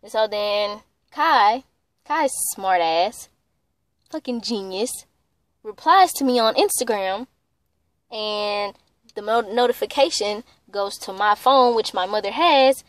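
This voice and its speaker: A woman's voice: mid-range voice, animated, slow pace, no echo. A young woman tells a heated, profane story in a casual vlog, full of "like". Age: young adult. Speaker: vlogger.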